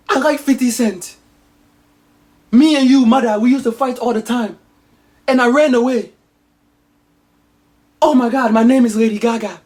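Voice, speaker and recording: A woman's voice: on the high side, darkish tone, voice pushed up, natural voice. A woman voicing a runaway young princess who gasps out dramatic, tearful exclamations. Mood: overwhelmed. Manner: melodramatic, gasping exclamations.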